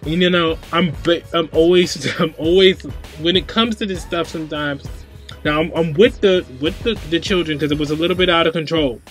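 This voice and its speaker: A man's voice: a little high, steady tone, a little fast, faint music behind. Agitated rambling young man. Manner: agitated, rambling, repeats himself. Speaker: vlogger host. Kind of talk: casual rant to camera.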